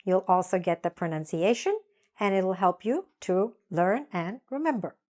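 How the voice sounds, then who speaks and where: A woman teaching an English grammar lesson, speaking deliberately and leading repeat-after-me drills. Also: mid-range voice, animated, darkish tone. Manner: slow, deliberate, drills with repetition.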